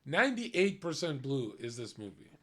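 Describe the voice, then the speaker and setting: A man's voice: mid-range voice, very animated, moderate pace. A young man streaming, talking in a blunt, profane, ranting way about a film. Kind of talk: casual chat.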